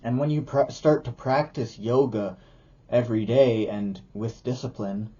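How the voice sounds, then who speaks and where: A man talks to camera about his yoga practice in a dark, husky voice, rambling loosely and restarting his thoughts. The sound is dull and muffled. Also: mid-range voice, a little slow. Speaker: yoga teacher and video creator. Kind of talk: casual talk to camera.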